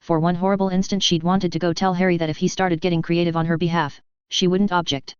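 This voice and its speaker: A woman narrating a fan story audiobook in a steady, even manner. Her voice sits somewhat low and comes through very clear. The recording is dry with a slightly dull band. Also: fast, dry recording.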